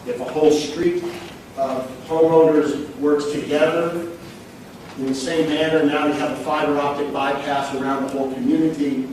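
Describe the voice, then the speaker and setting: A man answering audience questions at a public talk, measured and explanatory. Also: on the high side, level tone, a little mellow. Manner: measured, explanatory, level delivery. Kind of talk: public lecture Q&A. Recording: echoey hall, distant mic, background noise.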